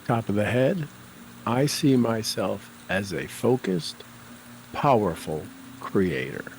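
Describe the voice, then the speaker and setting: A man guiding a tapping session, speaking affirmations slowly and deliberately for the listener to repeat. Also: medium pitch, big pitch swings, slight background noise, poor audio. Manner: slow, deliberate, coaching tone.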